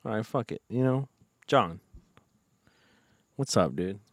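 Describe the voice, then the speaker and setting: Lively, teasing young podcast host. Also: male voice, fairly low pitch, takes it slowly, no room sound. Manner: teasing, loud bursts of laughter. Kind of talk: casual chat.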